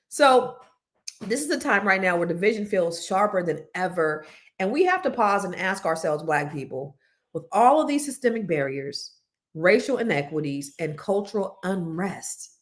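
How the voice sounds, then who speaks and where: A woman with a Californian accent hosting a panel talk show, animated and playful, stretching words for emphasis. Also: medium pitch. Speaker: host.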